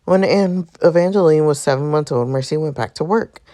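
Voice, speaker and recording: A woman's voice: low-pitched, fairly quick, warm tone, close to an everyday voice. A woman reading as an earnest protective young man. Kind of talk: reading game narration aloud.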